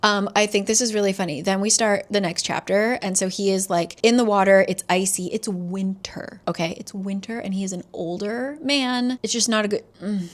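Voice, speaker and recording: A woman book vlogger giving a casual, animated book recap, laughing and swearing freely. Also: medium pitch, a little fast, hardly any pauses.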